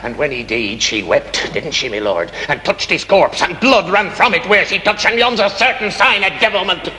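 An actor playing a stern county magistrate who speaks to a jury in a declamatory, questioning manner, from a 1970s television drama. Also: male voice, high-pitched, lively intonation, normal speed, pushed and bright, a little hiss or hum. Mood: brooding. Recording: echoey reverberant old film sound.

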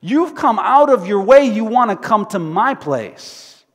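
Man doing a squealing little tax collector, giddy, amazed, very high and loud, long hall reverb. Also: very animated, measured pace, full character voice. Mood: giddy disbelief. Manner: squealing, breathless disbelief.

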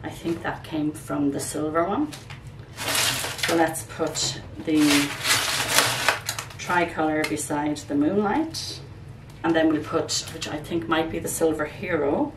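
Chatty woman, low voice, echoey room. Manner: chatty, rambling, often says "guys". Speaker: plant vlogger. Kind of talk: casual chat while repotting plants. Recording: echoey room, distant mic, background noise.

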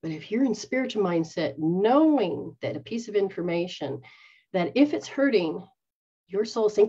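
A woman's voice: mid-range voice, animated, moderate pace, warm tone, husky. A woman who is a psychic medium and spiritual teacher, talking earnestly to her followers and acting out quoted voices. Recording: dull lo-fi sound.

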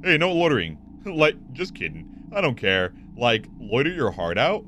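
A man's voice: mid-range voice, very animated, normal speed, a bit bright, slight background noise. Man doing a valley girl guard voice, lazy, every line sounds like a question. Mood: breezy. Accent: Valley Girl put-on. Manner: ends sentences like questions. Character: chill male monster guard, Valley Girl talker.

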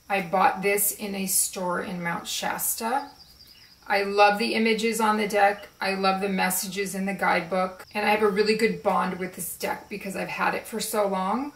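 A woman chatting casually and slowly about her favorite card decks, with relaxed fillers as she shows them. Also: medium pitch, recorded from a distance. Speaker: spiritual video creator. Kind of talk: casual show-and-tell chat. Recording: roomy echo, voice a bit off-mic.

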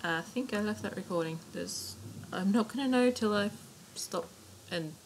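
A woman's voice: mid-range voice, normal speed. A woman giving casual let's-play commentary, chatty and muttering to herself with mild swearing. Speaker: gaming channel host. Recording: steady clicking noise behind.

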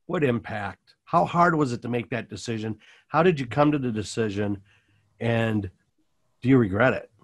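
A man's voice: mid-range voice, moderate pace, no echo. A man hosting a panel discussion, asking rambling questions in a chatty, self-deprecating way. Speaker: host.

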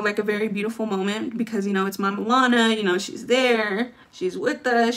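In a medium-pitched, slightly bright voice, a young adult woman tells a long story on her vlog. It's casual and chatty, with lots of fillers and acted-out quotes.

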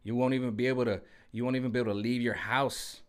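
A man delivering a sarcastic, animated political rant as a vlogger, acting out voices of others. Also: mid-range voice, quick pace, clean tone. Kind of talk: ranting political commentary monologue.

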